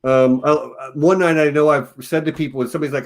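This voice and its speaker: A man's voice: fairly high pitch, steady tone, fast talker. A man from Texas co-hosting a casual film review podcast, enthusiastic and laughing often as he quotes lines. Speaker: podcast co-host.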